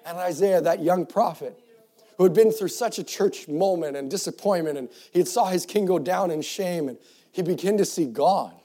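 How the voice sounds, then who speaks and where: A man preaching with a somewhat high yet mellow, dark-toned voice. He reads scripture in old-fashioned wording and swings between hushed reflection and loud, fervent calls. He often restarts his phrases as he goes. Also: moderate pace. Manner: builds from quiet reflective passages to loud fervent exhortation. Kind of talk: sermon to young people.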